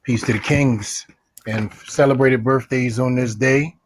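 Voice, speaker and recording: A man on a podcast, chatting casually in a laid-back way and shouting people out. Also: mid-range voice, fairly even intonation, a little slow, dry recording. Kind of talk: casual chat.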